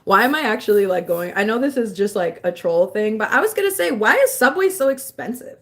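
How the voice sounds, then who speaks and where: A woman's voice: mid-range voice, big pitch swings, fairly quick. A woman chatting casually on a live stream at home, answering her viewers and scolding her dog between remarks. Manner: chatty, reads and answers chat. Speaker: livestreamer.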